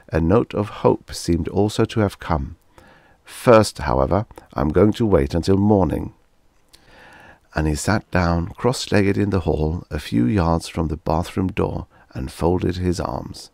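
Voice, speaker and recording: Deep gravelly guy reading old sci-fi stories, steady storyteller pace, dry close sound. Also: no room sound. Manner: measured, storytelling delivery. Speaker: audiobook narrator. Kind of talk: scripted narration of vintage short stories.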